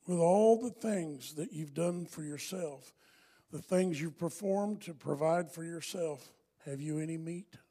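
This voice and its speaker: A middle-aged man preaching a sermon, emphatic and repetitive, swinging from hushed lines to loud ones. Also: on the high side, measured pace, breathy edge. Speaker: pastor.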